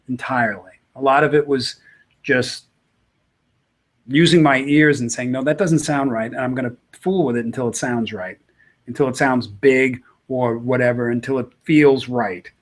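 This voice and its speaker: A man's voice: mid-range voice, moderate pace. A middle-aged man, a guitarist, answering interview questions in a loose, rambling way with many fillers and restarts. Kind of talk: casual interview talk.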